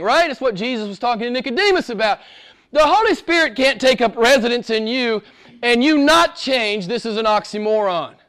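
A male pastor preaching a sermon, swinging between loud exhortation and hushed whispers, with laughs between points. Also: very high-pitched.

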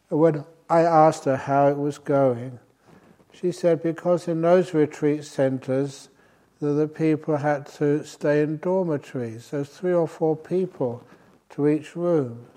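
An older man giving a relaxed dharma talk as a meditation teacher, telling gentle, humorous stories with soft chuckles. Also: a little high. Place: retreat centre meditation hall.

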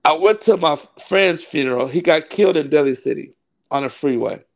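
Pastor guy from california, kinda high voice, rambling heartfelt story w lots of fillers. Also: brisk. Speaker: Baptist pastor. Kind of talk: casual interview storytelling.

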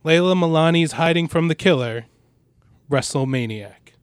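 A man's voice: on the high side, moderate pace, smooth, no room sound, clean studio sound. Man hosting a comedy award show. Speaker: podcast co-host presenting awards.

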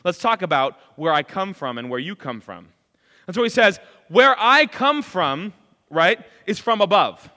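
A man preaching a sermon in an animated way, acting out lines of dialogue as he goes. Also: fairly high pitch, moderate pace, long reverb tail.

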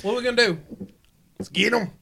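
A man's voice: high voice, fast talker, gravelly, husky, heavily acted. A man playing a rowdy, boastful male monster-hunter with a put-on accent, drawling slang and laughing as he talks. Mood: cocky. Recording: loud background noise.

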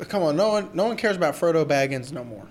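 Podcast co-host, man, raised voice, swears and jokes through relaxed movie talk. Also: a little high, fast. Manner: crude, joking, swears freely. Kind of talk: casual movie chat.

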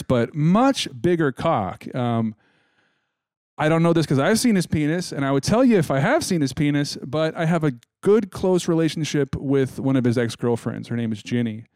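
Guy co-hosting a podcast, keeps restarting sentences, kinda high voice, dead dry. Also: a little mellow, dry recording. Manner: rambling, many restarts, joking. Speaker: podcast co-host. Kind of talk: casual chat.

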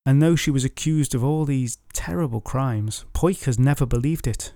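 Man voicing a formal legend lord, earnest and solemn, mellow voice, dry sound. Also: medium pitch, moderate pace, dry recording, natural voice.

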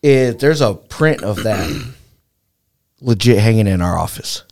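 A man's voice: lowish voice, animated, takes it slowly, darkish tone. A man co-hosting a podcast, making dry, blunt remarks with some swearing. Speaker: podcast co-host. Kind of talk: casual podcast chat.

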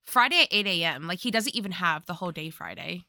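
A woman's voice: fairly low pitch, lively intonation, quick pace, pushed and bright, no echo, clean studio sound. A woman co-hosting a podcast, chatting casually and teasingly about a book, laughing often and swearing. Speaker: podcast co-host.

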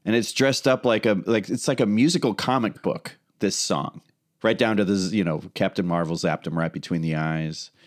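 A relaxed man co-hosting a podcast, his voice sitting somewhat low. He muses thoughtfully in casual chat and often hedges as he works through an idea. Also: moderate pace. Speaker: podcast co-host.

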